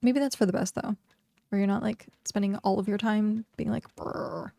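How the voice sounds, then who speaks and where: Gravelly, mellow-voiced woman streamer. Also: mid-range voice, fairly even intonation, a little fast, dry recording. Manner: chatty, filler-heavy, laughs often. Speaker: game streamer. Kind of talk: casual livestream chat.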